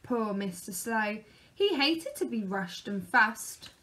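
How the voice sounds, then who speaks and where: A woman reading a children's picture book aloud in a lively, expressive way. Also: fairly high pitch, slow pace. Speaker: storyteller.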